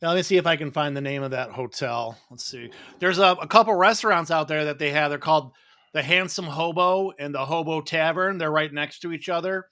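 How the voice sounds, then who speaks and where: This man co-hosts a casual real estate live stream, easygoing and informative but rambling with restarts. His voice sits on the high side, brisk and bright with a forceful tone, and there's no echo.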